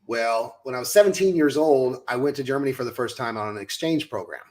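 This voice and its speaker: Late-thirties American man, coach and host, animated storyteller. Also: mid-range voice, fairly quick. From United States. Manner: animated, acts out his own past lines. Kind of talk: casual storytelling chat.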